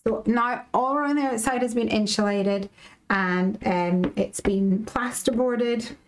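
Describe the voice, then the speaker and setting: A woman's voice: medium pitch, a little hiss or hum, rough recording. A woman from the UK hosting a live craft stream, chatting casually and animatedly with viewers and reading out their comments.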